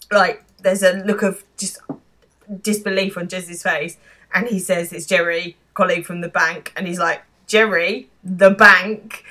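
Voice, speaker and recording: Bright-voiced woman podcaster. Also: on the low side. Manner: chatty, retells scenes acting out lines. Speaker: podcast co-host. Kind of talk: casual chat recapping a TV episode.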